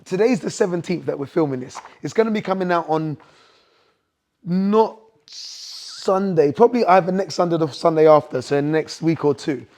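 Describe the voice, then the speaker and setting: A man's voice: on the high side, moderate pace, darkish tone. A man hosting a podcast, listening closely with frequent murmurs of agreement and then reflecting on principles he has learned. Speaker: podcast host, boxing coach. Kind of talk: interview chat.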